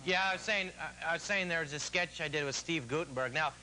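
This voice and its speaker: A man's voice: fairly high pitch, quick pace, pushed and bright, slight background noise. A man who is a comedy cast member, telling a story on a talk show and acting out lines. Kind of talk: casual anecdote.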